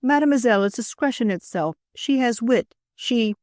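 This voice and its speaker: A woman doing a coquettish young wife, high and pleading. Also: expressive, normal speed, a little mellow, no echo, clean studio sound, lightly acted. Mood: eager. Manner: breathless, imploring, theatrical. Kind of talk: audiobook character voice.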